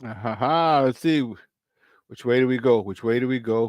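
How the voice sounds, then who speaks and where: Male morning sports host, Chicago accent, chatty and repetitive, dry studio sound, mid pitch. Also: normal speed, no room sound. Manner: energetic, chatty, repeats himself for emphasis. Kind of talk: casual sports talk.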